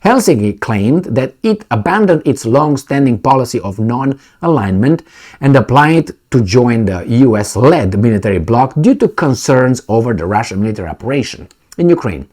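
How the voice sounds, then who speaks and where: A man's voice: mid-range voice, sing-song, moderate pace, darkish tone, breathy edge. A man from Romania, reading news reports aloud and breaking in with sarcastic, mocking asides. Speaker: political commentator.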